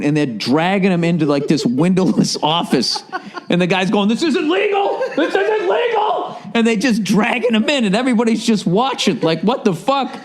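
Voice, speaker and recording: A man hosting a podcast, telling stories in casual chat with a sarcastic, profane manner. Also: a little high. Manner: profane, sarcastic, animated storytelling. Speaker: podcast host. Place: indoors at home by a fire.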